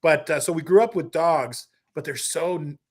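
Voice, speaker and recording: A middle-aged male comedian, appearing as a guest, tells a story in casual chat with a slightly high voice at a moderate pace. He's animated, restarts often, and adds quoted asides.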